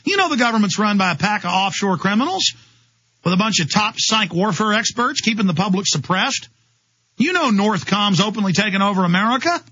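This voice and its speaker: A man's voice: high voice, lively intonation, fairly quick, bright, forceful tone, slightly rough, dry recording, highs cut off. A man hosting a talk radio show, delivering an impassioned, ranting monologue straight to his listeners.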